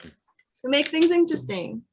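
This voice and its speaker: A woman's voice: high-pitched, animated, unhurried, a crowd in the background. Playful woman on a podcast. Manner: playful, laughs often. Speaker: podcast co-host. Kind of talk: casual movie chat.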